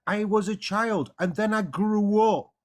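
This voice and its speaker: A man's voice: high voice, steady tone, a little slow. An English man debating as a caller, talking passionately and stumbling over repeated words. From England. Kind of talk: heated casual debate.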